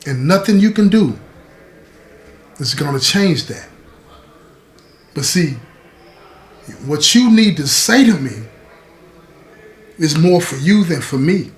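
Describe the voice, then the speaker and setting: A woman's voice: low-pitched, lively intonation, takes it slowly, pauses often. A man voicing a loving, firm mother who soothes her daughter while teaching her a lesson. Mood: tender. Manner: soothing yet instructive. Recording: roomy echo.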